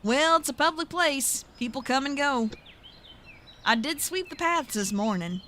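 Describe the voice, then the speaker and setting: A woman voicing a gruff male park groundskeeper in a put-on American Southern accent, reading game dialogue aloud with a guarded drawl. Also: high voice, expressive, unhurried, sharp tone, a little hiss or hum, pitched above the performer's own voice, exaggerated voice.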